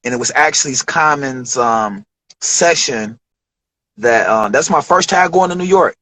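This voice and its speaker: Over a rough recording with no room sound, a Detroit rapper speaks in a mid-range voice at a measured pace. As an interview guest in a casual chat, he recounts studio stories with animation, imitating the people he quotes and using plenty of profane slang.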